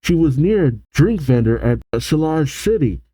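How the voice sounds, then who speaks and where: A man's voice: a little high, expressive, normal speed, warm tone, slightly rough, no room sound, voice pushed up. A man voicing an earnest young male inventor who explains eagerly.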